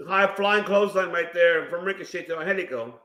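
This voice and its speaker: Male streamer, high and bright, excitable live commentary, roomy echo. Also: fairly quick. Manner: excitable, bursts into loud reactions and greets chat viewers. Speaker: watch-party stream host. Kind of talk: live wrestling watch-along commentary.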